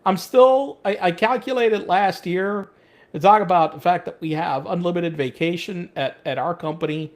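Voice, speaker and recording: A middle-aged man co-hosts a podcast in casual chat, talking animatedly with profanity and many stammering restarts while acting out quoted speech. His voice is high and he talks at a normal speed.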